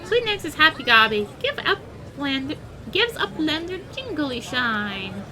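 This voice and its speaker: A woman's voice: high voice, big pitch swings, unhurried, bright, forceful tone, some chatter behind, a little hiss or hum, voice pushed up, exaggerated voice. A woman voicing a cheerful little goblin who talks in broken, childlike grammar.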